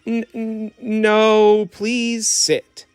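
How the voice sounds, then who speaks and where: A man's voice: high voice, completely flat delivery, very slow, clean tone, no echo, faint music behind, pitched above the performer's own voice. A man voicing a nervous, stammering male garden gnome toy in a storybook reading. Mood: jittery.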